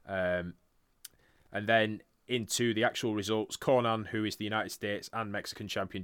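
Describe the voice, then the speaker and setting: A man with a low but bright, forceful voice hosts a casual podcast chat. He swears freely and laughs often, and his smooth, clean tone sits in a dry, close recording. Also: no room sound. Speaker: podcast host. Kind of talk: casual chat, reviewing wrestling results.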